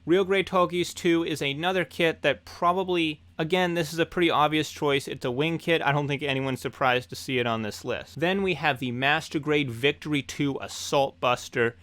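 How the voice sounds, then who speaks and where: A young man hosting a hobby news show, talking in an excited, enthusiastic way. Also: a little high, dry recording.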